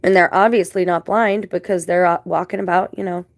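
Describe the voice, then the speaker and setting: A woman's voice: lowish voice, steady tone, fairly quick, dry recording. A woman telling a long story in a casual vlog, indignant and rambling, with religious turns of phrase. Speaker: vlogger.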